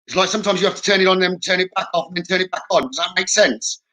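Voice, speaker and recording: A man giving a live mediumship reading, his voice bright and a little higher than most men's. He speaks in a reassuring way and keeps checking in with the listener. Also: racing, poor audio. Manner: reassuring, often checks in with "okay?". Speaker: psychic medium.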